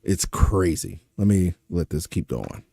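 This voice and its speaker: A man's voice: sits low, lively intonation, measured pace, creaky, warm tone, breathy edge, no echo, studio quality. A young man from Louisiana with a Louisiana accent, exasperated and profane, ranting through a reaction stream. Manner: exasperated, profane, rhetorical questions.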